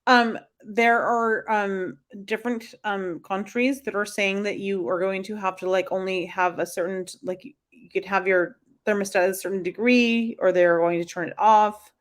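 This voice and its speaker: An American woman co-hosting a podcast, chatting excitedly and filling her talk with "like" and "um". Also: mid-range voice, normal speed. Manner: excitable, lots of "like" and "um". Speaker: podcast co-host. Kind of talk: casual chat.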